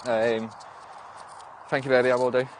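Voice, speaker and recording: Chatting on a phone livestream, this young Northern English man from the Northwest reads viewers' comments aloud and answers them. He rambles, keeps restarting, swears occasionally, and bites back at commenters. His medium-pitched voice barely moves in pitch, at normal speed over a noisy background.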